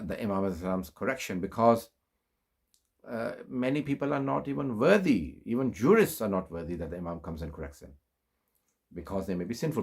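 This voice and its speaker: A low-voiced man with a gravelly, creaky edge preaches in an unhurried way. He tells a long religious story, filling pauses with "uh" and lifting his voice for emphasis. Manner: unhurried, many fillers, rises in pitch for emphasis. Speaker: Islamic preacher. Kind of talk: storytelling sermon.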